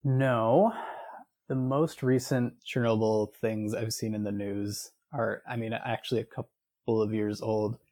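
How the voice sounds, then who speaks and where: A man as the non-expert co-host on a podcast, talking in a relaxed, self-deprecating way. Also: on the low side, a little slow, no echo. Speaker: color commentator. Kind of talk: casual podcast chat.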